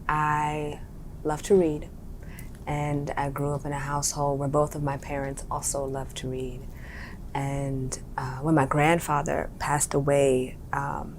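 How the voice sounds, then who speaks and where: A woman's voice: low voice, a little mellow, slight background noise. A young woman from Harlem, an actor and writer, talking in a thoughtful, searching way as an interview guest and often restarting her phrases. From Harlem, New York. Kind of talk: reflective interview talk.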